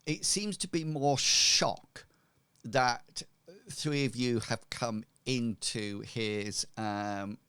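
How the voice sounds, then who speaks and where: A male game master narrates a tabletop scene slowly and hesitantly, often pausing on ums and restarting his sentences. His voice is somewhat low and smooth. The recording is dry, with no room sound. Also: bright, forceful tone, dry recording.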